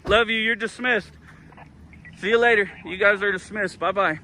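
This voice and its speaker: A man's voice: high-pitched, fairly even intonation, normal speed, bright, forceful tone, slight background noise. A man filming police with a handheld camera outdoors, arguing heatedly and repeating his demands over and over. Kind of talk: heated street confrontation. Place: outdoors by a parking area.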